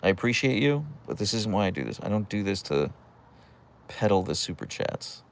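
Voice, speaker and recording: Low gravelly guy from pittsburgh way, chill livestream host, lively up and down voice, jokes around with chat. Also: moderate pace. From Pittsburgh area, USA. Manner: chatty, teasing, dry jokes, answers chat messages.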